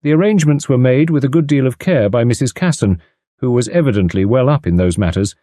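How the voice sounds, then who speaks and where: Man reading with mellow, lively delivery. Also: mid-range voice, quick pace, dry recording. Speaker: audiobook narrator. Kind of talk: scripted narration. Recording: dry close studio sound.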